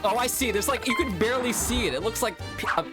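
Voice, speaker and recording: Chatty streamer talking over gameplay with lively pitch and rambling tangents; game music under the voice. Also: fast. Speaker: streamer playing a video game. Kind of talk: casual gameplay commentary.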